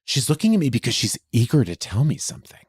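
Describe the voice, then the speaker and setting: A man co-hosting a podcast, telling a story in casual chat; he is animated, gets defensive fast and swears freely. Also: medium pitch, slightly rough, no room sound, clean studio sound. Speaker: podcast co-host.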